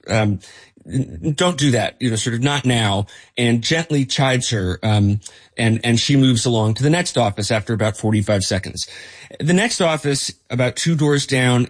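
A man, a journalist, recounting a reported story in a thoughtful, conversational way, with frequent fillers and self-corrections. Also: medium pitch.

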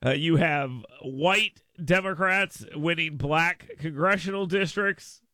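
A man's voice: fairly high pitch, slow pace, pushed and bright, dry recording. A man hosting a radio talk show, rambling and repeating himself in casual chat, laughing often, at a studio microphone.

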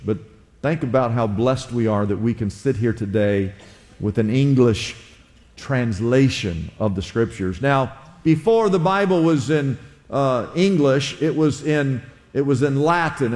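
Pastor guy preaching, kinda high voice, chatty, gets the crowd to repeat stuff, big reverby church. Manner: conversational preaching with audience call-and-response. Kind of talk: sermon. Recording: long hall reverb.

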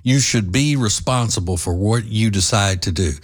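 A man hosting an opinion commentary monologue, forceful in his views yet halting, with many fillers and some dry sarcasm. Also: lowish voice, husky. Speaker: host.

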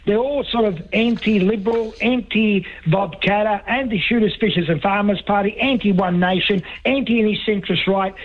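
A man's voice: high-pitched, moderate pace, few pauses. A man with an Australian accent calling in to a talkback radio show, rambling and emphatic, repeating himself, heard over a muffled phone line. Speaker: talkback caller. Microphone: telephone.

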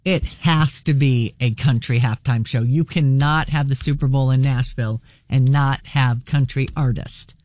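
A man's voice: medium pitch, fairly even intonation, normal speed, few pauses, darkish tone, no room sound. A man co-hosting a radio show, upbeat and agreeable. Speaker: radio co-host. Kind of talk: casual radio chat.

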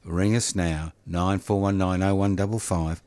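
A man hosting community radio, joking and teasing his co-host with loud bursts. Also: low-pitched, fairly even intonation, moderate pace, dry recording.

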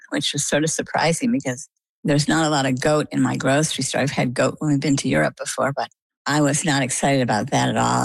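Low gravelly woman telling her story. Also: dry recording, poor audio. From Maine. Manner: animated storyteller, acts out quoted dialogue. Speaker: interview guest. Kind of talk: storytelling in an interview.

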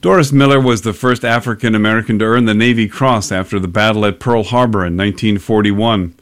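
A man reporter narrating a scripted radio news report in a measured way. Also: lowish voice, steady tone.

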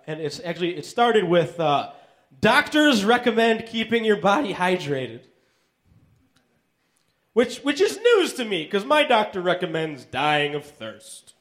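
A man with a fairly high, lively-pitched voice delivers stand-up one-liners on a club stage. His deadpan delivery stalls on hesitant fillers before each punchline. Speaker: stand-up comedian. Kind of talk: stand-up set.

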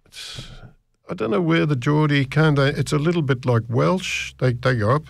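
A man's voice: fairly high pitch, normal speed, vocal fry, dry recording. A man in his eighties presenting on the radio, chatting in a rambling, self-deprecating way between songs. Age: 80s. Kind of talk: rambling casual radio chat.

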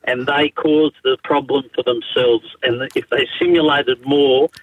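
An Australian man calls into a talkback show and speaks bluntly, in a matey, opinionated way. His voice is somewhat husky and comes through a thin phone line with a dry edge. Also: mid-range voice, fairly even intonation, measured pace, no echo. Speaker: caller. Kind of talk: talkback call.

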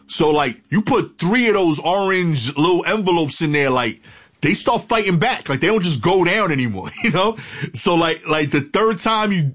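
A man telling a comic story in an animated, dramatic way, acting out the dialogue. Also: fairly high pitch, no room sound, clean studio sound.

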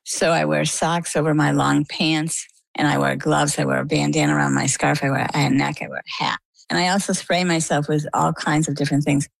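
A middle-aged woman from Maine, a guest telling a personal story in lively detail, often quoting what others said. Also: sits low, brisk, gravelly, no echo, poor audio. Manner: chatty, vivid personal storytelling with quoted dialogue. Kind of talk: interview storytelling.

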